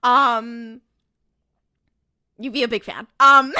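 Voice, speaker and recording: A woman co-hosting a podcast, casually recapping a TV episode in an animated way and acting out the characters' lines. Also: high voice, very slow, pauses often. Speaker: podcast co-host.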